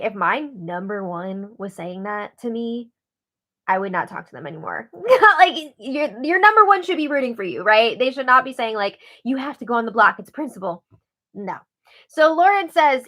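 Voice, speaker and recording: A woman hosting a casual recap show, chatty and opinionated, relaying quotes with animated reactions. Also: a little high.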